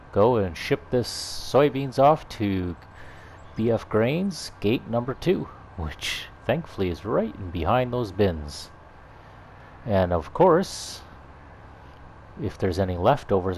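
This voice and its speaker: A man hosting his gaming channel, chatting in a relaxed, rambling way over his farming gameplay, thinking out loud as he goes. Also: on the low side, slight background noise. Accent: slips into a put-on Irish lilt. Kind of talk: casual gameplay commentary.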